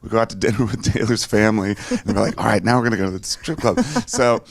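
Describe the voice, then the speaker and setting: A middle-aged man, an interview guest, animatedly tells a road-trip story over a noisy crowd, swearing freely and acting out other people's lines. His voice sits on the lower side with a steady tone and vocal fry, and he talks fast.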